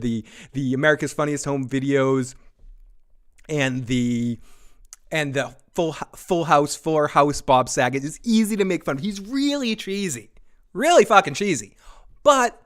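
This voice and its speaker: A man hosting a casual live stream after a drink, a little buzzed. He rambles, swears freely and pokes fun at himself, in a voice that sits a touch higher than most men's. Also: fairly bright tone. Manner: rambling, profane, self-mocking. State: tipsy.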